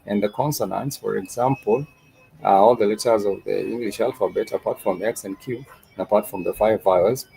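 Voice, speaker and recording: A man hosting a live stream, talking through news and then teaching a language lesson, with frequent filler "uh"s and slow, repetitive explanations. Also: fairly low pitch, gravelly, mellow, low-quality recording. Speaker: host and Swahili teacher.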